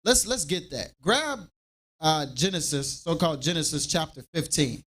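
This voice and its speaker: A man leading a scripture class in an animated preaching style, acting out everyday dialogue to make his points. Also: fairly high pitch, normal speed.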